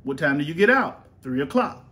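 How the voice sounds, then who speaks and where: Rambling, chatty dad with lots of fillers. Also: male voice, on the high side, sing-song, fairly quick, a bit bright. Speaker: podcast host and father. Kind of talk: casual chat. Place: home.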